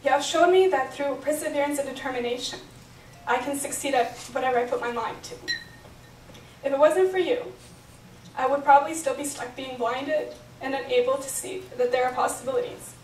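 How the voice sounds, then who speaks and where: Speaking fairly quickly in a high, slightly mellow voice, a young bat mitzvah speaker reads her earnest, emotional speech from notes at the celebration. The distant recording in an echoey hotel function room carries slight background noise.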